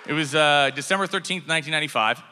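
A man telling a comic story on stage, acting out the people in it and breaking into shouted dialogue. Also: fairly high pitch, racing, some chatter behind, slight background noise. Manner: animated, acts out shouted dialogue. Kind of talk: live comedic storytelling. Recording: long hall reverb.

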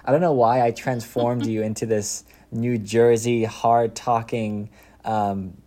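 Relaxed man, mellow dark voice. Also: medium pitch. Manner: rambling, self-interrupting, quick laughs. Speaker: content creator making comedy skits. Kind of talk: casual interview chat.

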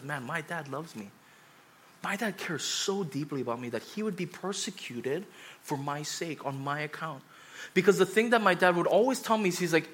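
A young adult man preaching a sermon as a pastor, telling stories with animated energy and acting out the voices of the people in them. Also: fairly high pitch. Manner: animated storytelling, acts out quoted voices.

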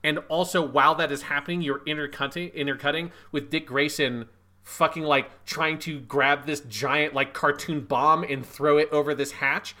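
Bright, slightly high man ranting about a film. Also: steady tone, moderate pace. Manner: emphatic, profane, laughs at the film. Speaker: podcast co-host. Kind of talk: casual film review chat.

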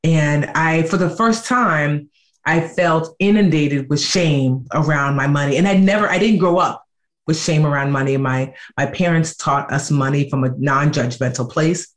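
A woman in her thirties, a guest in an interview, telling her story in a lively, animated way. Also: sits low, moderate pace. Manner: animated, acts out quoted voices.

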